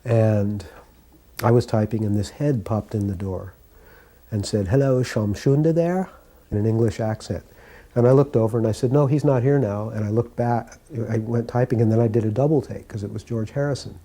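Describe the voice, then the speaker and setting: A man calmly telling stories from his years as a devotee, recounting memories in an unhurried way. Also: lowish voice. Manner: calm, unhurried anecdote telling. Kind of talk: reminiscing storytelling.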